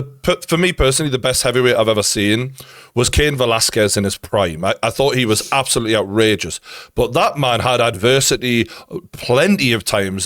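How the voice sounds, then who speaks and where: A man's voice: mid-range voice, a bit bright, no room sound. Male interview host, mid-range voice, chatty and analytical, dry close sound. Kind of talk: casual interview chat.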